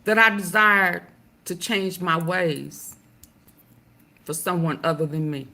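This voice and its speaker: Bright-voiced emphatic middle-aged woman. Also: fairly low pitch, slow pace. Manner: emphatic, preachy, swears freely. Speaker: commentary channel host. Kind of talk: casual reaction commentary.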